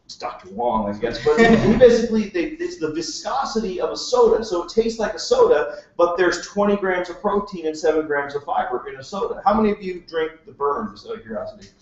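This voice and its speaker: A man's voice: high voice, animated, fast, hardly any pauses. A man presenting at a live business meeting, joking and chatty and asking the crowd questions. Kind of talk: casual sales pitch to a live audience. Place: meeting room with a live audience. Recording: echoey room, distant mic, dull sound.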